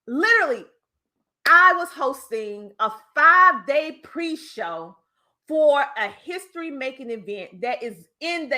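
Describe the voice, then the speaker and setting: A woman with a Southern twang hosting her podcast, giving an animated motivational talk with folksy slang to her live viewers. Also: high-pitched. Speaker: podcast host.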